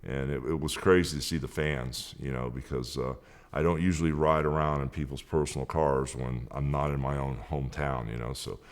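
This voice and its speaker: A man speaking candidly in a documentary interview, in a measured way. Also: rumbling low, steady tone.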